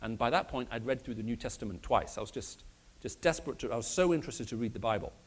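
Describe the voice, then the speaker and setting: A man with a British accent, raised in the Middle East, giving a lively conversational apologetics talk in a church and questioning his audience. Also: medium pitch, fast talker, slightly rough. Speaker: speaker.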